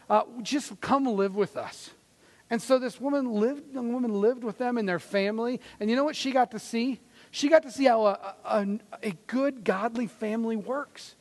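A high-pitched man delivers a sermon in an earnest, conversational way, stumbling and restarting now and then. His voice carries a long reverb from a church sanctuary. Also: a little mellow. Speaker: pastor.

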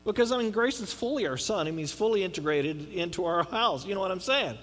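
A man preaching a conversational sermon, swinging between quiet, low asides and emphatic rising declarations. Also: expressive, fast talker, long reverb tail. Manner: conversational preaching with dramatic drops and rises. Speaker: pastor.

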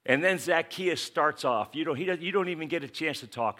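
Bright-voiced man preaching an animated sermon. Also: on the high side, normal speed, few pauses. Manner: animated storytelling, acting out Bible characters in quoted voices. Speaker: pastor.

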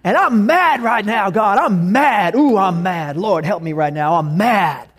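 Man doing a desperate man hollering at heaven: high, loud, raw and repeating himself. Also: lively intonation, moderate pace. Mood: anguished yelling. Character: anguished man shouting at God in an attic.

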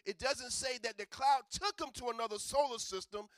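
A man preaching a sermon, chatty and joking, building to loud, emphatic preaching. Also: very high-pitched, brisk, no echo. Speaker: pastor.

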